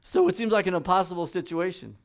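Middle-aged male pastor, slightly higher voice, animated preaching delivery. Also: fast talker. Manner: animated preaching, acting out voices and reading scripture aloud. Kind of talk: sermon.

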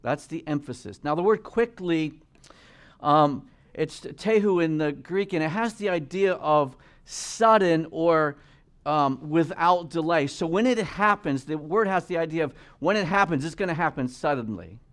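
A man with a slightly raised pitch teaching through a Bible passage from the pulpit. He reads the verses slowly and with weight, then slips into casual explanation. His voice often sinks low and soft as he closes a thought. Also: lively intonation. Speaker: pastor.

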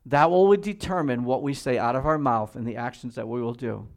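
A man preaching a sermon from the pulpit, in a mid-pitched voice. He reads scripture slowly and deliberately, dropping to quiet, measured emphasis, then climbs to loud, higher-pitched exhortation. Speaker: pastor.

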